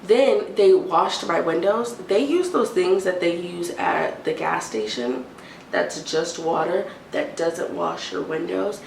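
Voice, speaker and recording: A young adult woman telling an exasperated storytime rant, animated and mimicking a timid whisper now and then. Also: on the low side, takes it slowly, creaky. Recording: roomy, distant, faint hiss.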